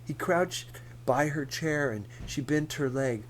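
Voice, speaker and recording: Unhurried, expressive male narrator for an audiobook, faint hum in the recording. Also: a little high, poor audio. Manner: slow, lively storytelling. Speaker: audiobook reader.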